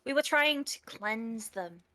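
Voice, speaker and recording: A woman's voice: on the high side, expressive, slow pace, pushed and bright. A woman from Britain chatting casually as a player on a voice call, teasing and giggly. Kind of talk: casual chat over voice call.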